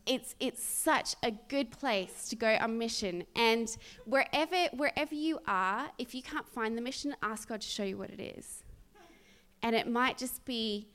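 A woman's voice: fairly high pitch, a little slow, fairly bright tone. A young woman preaching a sermon, earnest and conversational, telling a personal story with many restarts and sudden bursts of energy. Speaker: speaker at a church.

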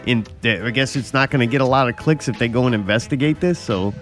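A man's voice: medium pitch, quick pace, fairly bright tone, faint music behind. A man co-hosting a casual podcast, joking sarcastically and swearing a lot. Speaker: podcast co-host. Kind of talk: casual chat.

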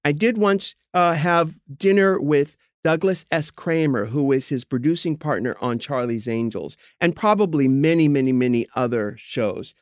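A man's voice: on the high side, normal speed, hardly any pauses, no echo, clean studio sound. A man from San Diego, co-hosting a podcast, chatting in a playful, theatrical way. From San Diego, USA. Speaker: podcast co-host. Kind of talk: casual podcast chat.

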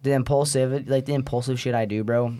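A man's voice: mid-range voice, fairly even intonation, fairly quick, warm tone. A young man in his late teens, a podcast guest telling profane, rowdy stories in casual chat, acting out what people said. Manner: rowdy, profane storytelling, acts out quotes.

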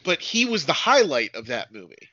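A man's voice: fairly high pitch, very animated, moderate pace, crowd noise. A man in a casual chat, chiming in with short, agreeable remarks. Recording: dull lo-fi sound, dry.

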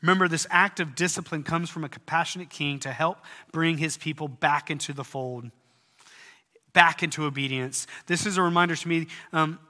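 Man, preacher, earnest sermon, brightish higher voice, echoing hall. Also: fairly even intonation, normal speed. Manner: earnest, rises to loud emphatic peaks. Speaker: pastor.

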